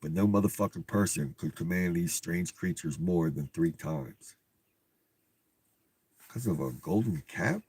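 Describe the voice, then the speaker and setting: A man's voice: low voice, unhurried, warm tone, slightly rough. A man reading a storybook aloud and breaking off for profane, incredulous comic commentary. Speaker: reader and commentator. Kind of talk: comedic read-aloud with commentary.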